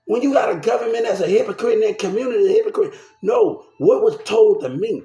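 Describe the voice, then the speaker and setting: A man's voice: high-pitched, sing-song, fast talker, gravelly, few pauses, warm tone, echoey room. An upset man ranting to the camera, agitated and repeating himself, shaken and swearing. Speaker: vlogger. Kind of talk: angry rant to camera.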